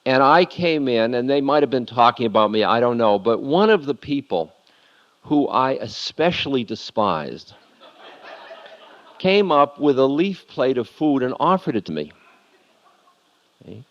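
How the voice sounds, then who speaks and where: A spiritual lecturer telling a confessional story candidly and laughing at himself, heard on a muffled lo-fi tape. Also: male voice, medium pitch, big pitch swings, measured pace, pauses often.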